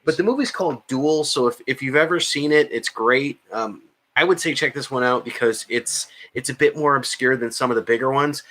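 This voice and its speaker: A man with a bright, clear voice chats casually on a podcast about films. He rambles, fills gaps with "um" and starts sentences over, at an ordinary pitch. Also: brisk, few pauses. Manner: rambling, many fillers and restarts. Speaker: podcast co-host. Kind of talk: casual chat about movies.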